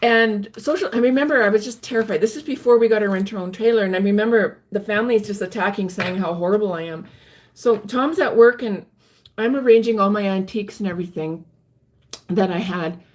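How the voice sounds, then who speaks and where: Woman vlogger, earnest storyteller, halting delivery, mid-pitched voice. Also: slight background noise. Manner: halting, earnest, many restarts. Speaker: vlogger recounting her life. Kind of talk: personal storytelling.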